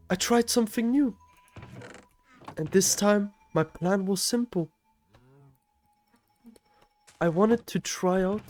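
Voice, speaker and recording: A young man vlogging a casual story in slangy, playful talk, speaking low and close to a desk mic in his bedroom. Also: a little mellow. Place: shared bedroom at home. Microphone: desk microphone up close.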